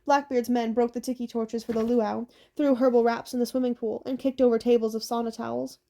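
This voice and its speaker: A woman narrating a first-person adventure audiobook in a steady, even storytelling delivery. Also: on the high side, a little fast, gravelly.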